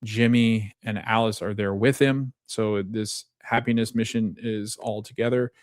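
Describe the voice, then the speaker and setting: Low-voiced casual male podcast host. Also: unhurried, dry recording, studio quality. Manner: chatty and animated, many fillers, laughs often. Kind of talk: casual TV episode recap.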